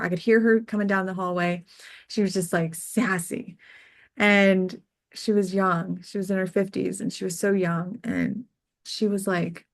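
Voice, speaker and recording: A woman with a mid-range voice tells personal stories as a guest on an interview show. She speaks earnestly and from the heart, scattering "like" through her sentences. Her voice goes soft and quiet on the tender moments. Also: medium pitch. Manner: earnest and heartfelt, peppered with "like" fillers. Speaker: death doula, podcast guest. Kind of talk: casual interview storytelling.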